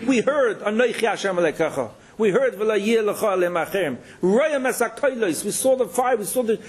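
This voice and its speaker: A rabbi telling Torah stories, chanting Hebrew verses and then explaining them in English. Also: male voice, high-pitched, husky. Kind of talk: storytelling Torah talk.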